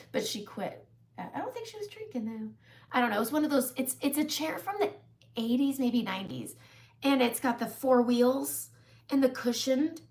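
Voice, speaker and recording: A woman's voice: fairly high pitch, a bit bright. A middle-aged woman chatting casually through a makeup tutorial, self-deprecating and laughing often. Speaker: makeup live-stream host.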